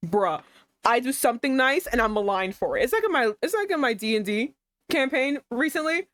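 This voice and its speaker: A woman's voice: sits high, sing-song, brisk, fairly bright tone, no echo. A woman streamer reading a romance game aloud and breaking off into sarcastic, swearing asides.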